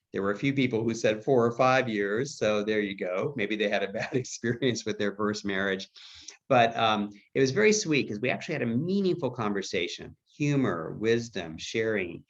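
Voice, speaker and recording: Middle-aged man, low voice, chatty webinar presenter, slightly dull audio. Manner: conversational, anecdotal, acts out quoted dialogue. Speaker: dementia care trainer.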